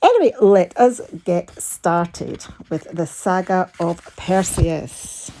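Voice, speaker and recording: Mellow-voiced Scottish woman chatting casually. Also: fairly low pitch, takes it slowly, few pauses, low-quality recording. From Scotland. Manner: chatty, rambling, many fillers and restarts. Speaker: crafting channel host. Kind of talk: casual chat and storytelling while crafting.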